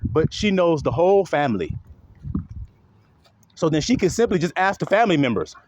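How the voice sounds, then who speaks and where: A man holding forth in a preachy, blunt monologue, his pitch swinging widely as he presses each point. He sits a touch above the usual male register, curses freely and leans on biting sarcasm. A faint hiss of noise sits under the voice. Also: big pitch swings, normal speed, darkish tone. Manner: mocking sarcasm. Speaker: online commentator; father. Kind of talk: impassioned spoken monologue.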